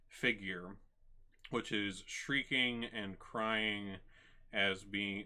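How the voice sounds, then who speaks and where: Slow, bright-voiced game master, full of ums. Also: male voice, fairly low pitch. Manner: halting, many ums and restarts. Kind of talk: narrating a tabletop game.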